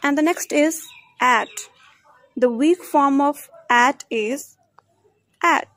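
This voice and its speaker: A woman giving a recorded lesson on English pronunciation, saying each example sentence slowly and carefully and then repeating it. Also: high voice, fairly bright tone, no echo. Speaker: English phonology student presenter.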